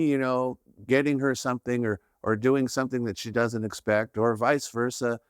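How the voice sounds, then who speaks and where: A man of middling pitch talks through a faith teaching in a conversational, earnest way, pausing to check in with his listeners. His voice sits at an ordinary height, and the recording is dry and close. He sounds like a podcast host speaking straight to his audience. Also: no room sound. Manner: earnest, frequent "right?" check-ins.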